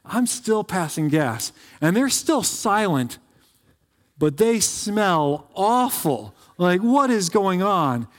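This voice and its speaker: A man's voice: sits high, very animated, slow pace, heavily acted. Guy doing a flustered older lady at the doctor, stammers a lot, echoey church room. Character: embarrassed older woman patient at the doctor.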